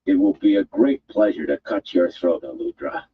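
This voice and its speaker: A man's voice: deep voice, big pitch swings, moderate pace, narrow, tinny audio, slight background noise. A man voicing a big, mocking guild enforcer who threatens in a strange formal way. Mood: menacing.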